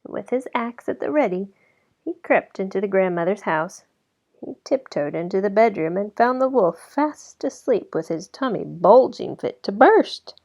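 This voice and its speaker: A woman reading a children's storybook aloud as narrator, in an expressive way that slows down for effect. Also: mid-range voice. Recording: slightly dull lo-fi recording.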